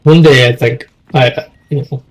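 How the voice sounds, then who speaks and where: A man's voice: mid-range voice, fairly even intonation, unhurried, low-quality recording. A young man in casual chat, rambling and swearing, often trailing off mid-thought. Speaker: streamer.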